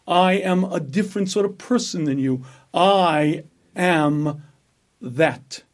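Male rabbi, lecture, higher voice, emphatic, asks the listeners questions. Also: moderate pace. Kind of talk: Torah lecture.

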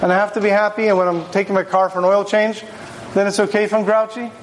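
High-voiced man giving a lecture. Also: flat delivery, quick pace, a little hiss or hum. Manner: storytelling, poses rhetorical questions. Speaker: rabbi teaching a Torah class. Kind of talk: conversational religious lecture.

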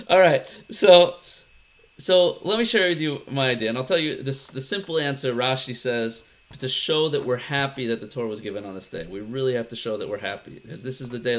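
A man teaching a casual lesson who talks conversationally, quizzes his class and tells stories with animation. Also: medium pitch. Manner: conversational, asks the class questions, animated storytelling.

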